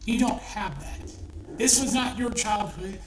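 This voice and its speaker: A middle-aged woman, ranting online as a commentator, sounds heated, profane and repetitive. Her voice is on the high side and a little slow, picked up from afar in an echoey room with faint noise.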